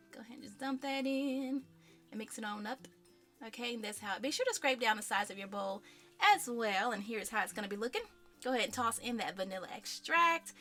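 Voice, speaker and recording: Cooking-show host, woman, high and bright voice, chatty and friendly, light music underneath. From American South. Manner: chatty, friendly asides to viewers. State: out of breath. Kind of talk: casual cooking demonstration.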